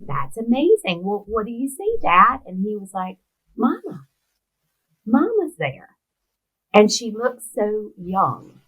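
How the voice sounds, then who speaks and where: A middle-aged American woman, an interview guest, telling a personal story in a lively way and acting out the voices of the people in it. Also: on the low side, poor audio. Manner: animated storyteller who acts out quoted voices. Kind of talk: storytelling in conversation.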